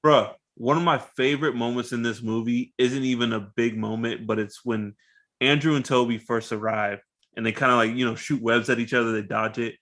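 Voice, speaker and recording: Relaxed man, podcast co-host, mid-pitched, casual slang. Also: a little fast. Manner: laid-back, loose, says bruh and dog. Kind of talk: casual reaction chat.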